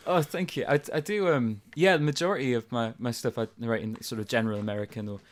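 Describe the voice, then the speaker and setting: A man's voice: medium pitch, quick pace. A British man chatting casually as a guest narrator, hesitant and self-deprecating, with many fillers. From Britain. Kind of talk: casual conversation.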